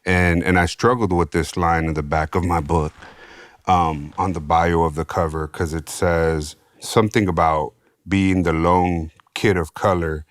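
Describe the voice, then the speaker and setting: A man from San Diego, a podcast guest, telling his own story in an animated, slangy way with free swearing. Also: deep voice, a little slow, no room sound, clean studio sound. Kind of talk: casual storytelling.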